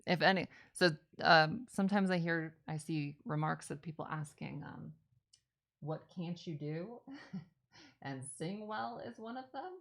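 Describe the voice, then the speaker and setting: A woman hosts a casual live stream while working on a craft, chatting, answering viewer questions, rambling and correcting herself, and gushing about films. Her deep voice is unhurried and gravelly with a fairly bright tone, in a low-quality recording.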